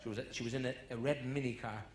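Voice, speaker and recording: A man's voice: medium pitch, steady tone, fast talker. A man with an Irish accent doing live stand-up, telling stories and acting out characters for the punchlines. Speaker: comedian. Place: live venue with audience. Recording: echoey live venue with crowd noise. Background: crowd laughter.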